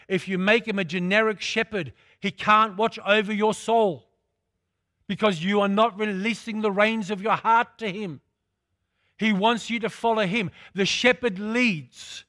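A man's voice: high voice, steady tone, normal speed, sharp tone, no room sound, clean studio sound. A man preaching a sermon, repeating phrases for emphasis and calling out to his congregation.

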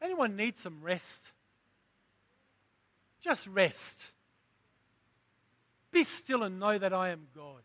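High bright male preacher, slow call-and-response sermon, dry close sound. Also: big pitch swings, no echo.

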